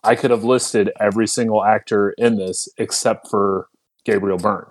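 A man's voice: on the low side, steady tone, moderate pace. A man co-hosting a movie podcast, with a dry, teasing humor. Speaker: podcast co-host. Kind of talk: casual chat.

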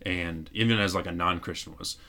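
Deep-voiced emphatic male co-host. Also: fairly quick. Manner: emphatic, animated reactions. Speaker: podcast co-host. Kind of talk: casual faith-based movie discussion.

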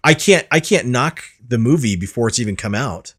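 A man's voice: medium pitch, animated, fairly quick, fairly bright tone, breathy edge. A man hosting a casual podcast chat, rambling and restarting his sentences, swearing freely. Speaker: podcast host.

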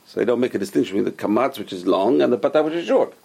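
A man's voice: medium pitch, animated, very fast, gravelly, a little mellow, husky. A man, a rabbi, teaching a class and explaining patiently with many examples and questions.

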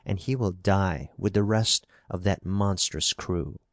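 A man's voice: low voice, measured pace, dry recording. A man reading the part of a brave young hero, confident and protective. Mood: resolute. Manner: resolute and confident.

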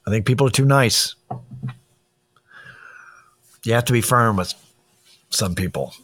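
A man's voice: lowish voice, brisk, a bit bright, slightly rough. A man talking in a casual monologue, blunt, opinionated and profane as he tells a story and gives his views.

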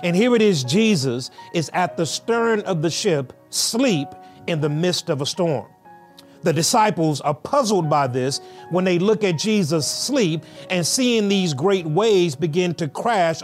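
A male pastor preaching a sermon with rhythmic repetition and emphatic pauses. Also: fairly high pitch.

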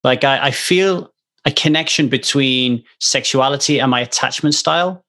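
A man's voice: medium pitch, moderate pace, bright, forceful tone. Frank chatty man hosting a podcast. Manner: frank, chatty, loose and swearing. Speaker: podcast host. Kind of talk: casual podcast chat.

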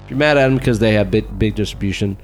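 A man co-hosting a casual chat show, laid-back and cursing freely, getting animated when excited. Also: on the low side, fast, soft background music. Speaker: podcast co-host.

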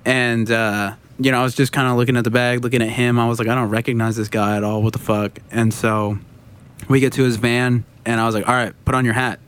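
A man's voice: mid-range voice, a little fast, smooth. A man chatting casually, telling a story and acting out the dialogue, swearing freely. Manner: animated storytelling, acts out dialogue. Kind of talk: casual chat.

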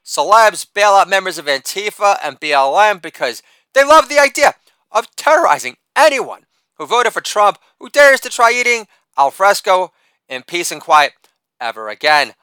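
Middle-aged man, satirical ranter, profane, high and very animated delivery. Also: moderate pace, clean tone, dry recording. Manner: profane and sardonic, with a shouted catchphrase. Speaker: writer reading his own piece. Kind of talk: satirical rant reading.

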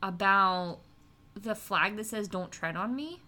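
A woman's voice: mid-range voice, takes it slowly, pushed and bright. A woman co-hosting a casual podcast, chatty and teasing, laughing easily as she tells a story. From West Virginia, USA. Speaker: podcast co-host.

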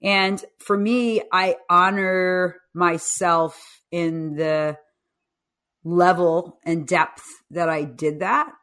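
A woman's voice: on the low side, extremely slow. A woman in her fifties, a guest coach and author, telling stories with animation in a podcast interview and acting out the voices she quotes. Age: 50s. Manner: animated storyteller who acts out quoted speech.

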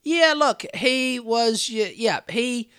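A man's voice: very high-pitched, lively intonation, slow pace, pushed and bright, smooth, no echo, clean studio sound. A man with a New Zealand accent, co-hosting a podcast and telling a long, rambling story in casual chat, with plenty of swearing. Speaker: podcast co-host.

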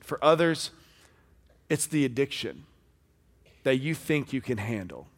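A man preaching a sermon as pastor, talking in a conversational way that swings between loud and hushed. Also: medium pitch, sing-song, measured pace, long pauses, slightly rough. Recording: long hall reverb.

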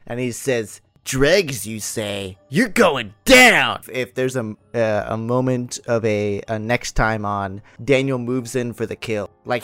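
A man's voice: medium pitch, no echo. A man playing a tabletop game, describing his character's moves with energy and plenty of swearing. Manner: energetic and profane. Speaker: player. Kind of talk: excited tabletop play.

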